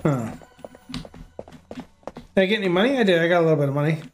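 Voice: medium pitch, expressive, fast talker. A gaming YouTuber reading every character's lines aloud in a nearly plain voice. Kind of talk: reading game dialogue aloud.

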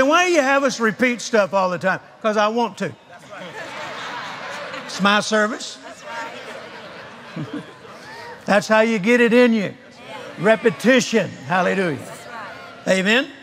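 Older man, preacher, emphatic sermon, very high voice, long hall reverb. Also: lively intonation, a little slow, long pauses, background noise. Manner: emphatic, repetitive, leads crowd call-and-response. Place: large convention hall.

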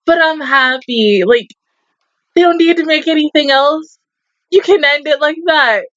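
A woman's voice: high voice, measured pace, a bit bright, no echo, highs cut off. A young woman reviewing an anime in an emotional, casual reaction, swearing often and breaking into laughs while holding back tears. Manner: emotional, swears a lot, laughs between words. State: tearful at times.

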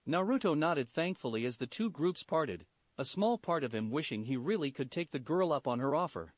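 A man narrating a fan-fiction story in an expressive reading style. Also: on the high side, dry recording.

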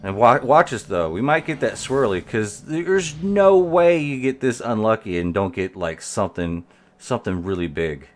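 A man's voice: on the low side, lively intonation, moderate pace. A man giving rambling live gameplay commentary as a streamer, talking to his viewers while he plays. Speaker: game streamer.

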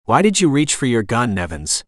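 Gruff retired SEAL, calm and clipped, read by a male narrator, dry close sound. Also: mid-range voice, normal speed, dry recording.

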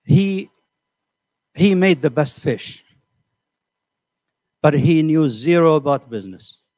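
An older man giving a motivational seminar, animated and conversational, asking the audience questions and acting out voices. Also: fairly high pitch, takes it slowly, no echo. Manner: animated, acts out quoted voices. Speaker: seminar speaker. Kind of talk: motivational lecture. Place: community center hall.

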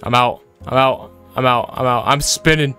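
A man's voice: mid-range voice, fairly even intonation, moderate pace, bright, forceful tone, clean tone, soft background music. A man commenting as he plays a horror game, jittery and repeating himself, breaking into frightened yelps. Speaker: gaming video creator.

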